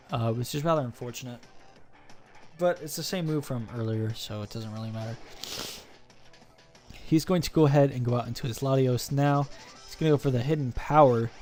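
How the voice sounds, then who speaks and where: A man's voice: mid-range voice, a little mellow. Young male gamer, wry play-by-play narration over a faint music bed. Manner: joking, self-mocking play-by-play. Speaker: gaming channel host. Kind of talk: battle commentary voice-over.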